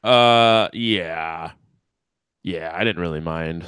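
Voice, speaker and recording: A man's voice: deep voice, slow pace, fairly bright tone, smooth, dry recording. A man co-hosting a podcast, teasing his friend with dry, crude jokes in casual banter. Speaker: podcast co-host.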